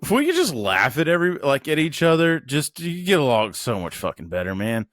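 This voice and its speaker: A man's voice: fairly high pitch, wildly swooping pitch, fairly quick, a bit bright, no echo, clean studio sound. A man co-hosting a podcast in casual, profane film-review banter, laughing often. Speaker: podcast co-host and editor.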